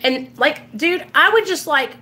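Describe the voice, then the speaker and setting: A woman's voice: sits high, lively intonation, unhurried, sharp tone. Candid laughing woman vlogger at home. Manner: laughing, loose and candid, many "like"s; coughs now and then. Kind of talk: casual storytelling to camera.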